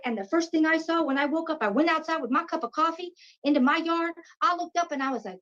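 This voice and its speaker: A woman in her fifties telling a personal story in an animated way, acting out what people said. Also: high-pitched, fast talker. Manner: animated, acts out quoted voices. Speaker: guest. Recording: dull lo-fi sound.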